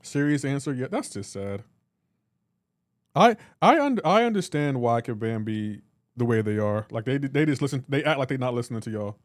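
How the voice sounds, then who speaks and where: A man's voice: medium pitch, lively intonation, fairly quick, no room sound, studio quality. A man on a live reaction stream, teasing and bantering with his chat and laughing often. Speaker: livestreamer.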